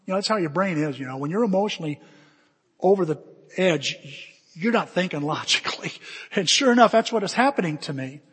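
A man preaching in a high, husky voice, telling stories with lively energy. His words ring out with a long reverb in a big hall. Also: brisk. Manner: animated, bursts into shouts and laughter while acting out stories. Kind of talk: storytelling sermon.

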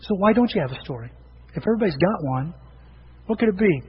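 A man's voice: high voice, animated, fast talker. A middle-aged man preaching a sermon to his church in a conversational storytelling way, acting out the people he quotes. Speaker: pastor. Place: church sanctuary. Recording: dull reverberant hall recording with faint noise.

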